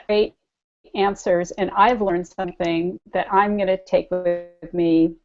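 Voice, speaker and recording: A woman's voice: fairly low pitch, steady tone, takes it slowly, faint music behind. Thoughtful woman writer, dull lo-fi audio. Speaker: panelist, writer. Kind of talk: casual panel talk.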